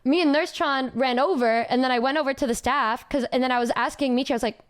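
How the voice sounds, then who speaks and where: A woman's voice: sits high, fast talker, clean tone. A woman streamer telling a story in a casual chat, giggly and rambling with lots of fillers.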